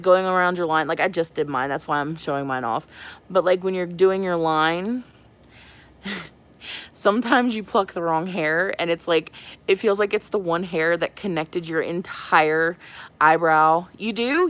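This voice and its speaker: A woman with a slightly low voice hosts a makeup live stream. She talks in a loose, chatty way and laughs often as she reads comments from her viewers. Her voice comes through a webcam mic. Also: fairly bright tone. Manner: chatty and giggly, reads and answers the chat. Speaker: makeup livestream host.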